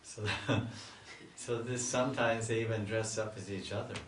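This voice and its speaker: A man, a swami, telling a devotional story in a slow, lingering sermon style. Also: lowish voice, fairly even intonation, slight background noise. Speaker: swami giving a spiritual talk. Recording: echoey room, mic far off.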